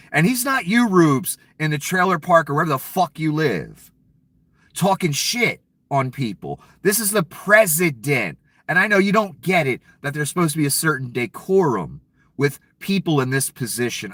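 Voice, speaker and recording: A man's voice: fairly high pitch, very animated, normal speed, fairly bright tone, no echo. A man giving an angry, profane political rant with a sarcastic, heated delivery. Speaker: political commentator.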